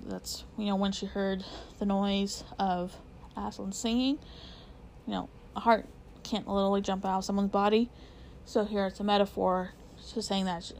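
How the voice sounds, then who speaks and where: A woman's voice: mid-range voice, a little mellow, slight background noise. A woman teacher talking through literary devices from a novel, in a conversational way with frequent fillers and restarts. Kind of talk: literature lesson explaining a novel.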